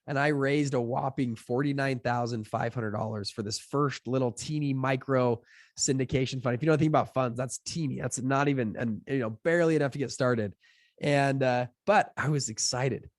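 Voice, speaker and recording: Guesting on a podcast, a young fund founder tells casual stories in a medium-pitched voice at normal speed. He's talky and filler-heavy, performing quotes with animated voices, and the recording is dry and close with no echo.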